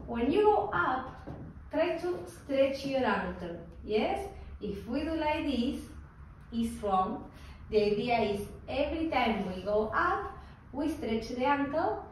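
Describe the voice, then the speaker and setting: A woman teaching a tango technique class, calmly talking students through an exercise, counting out the beats and checking in with "yes?". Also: on the high side. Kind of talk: slow spoken dance class instruction. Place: dance studio. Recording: roomy, distant studio sound with faint noise.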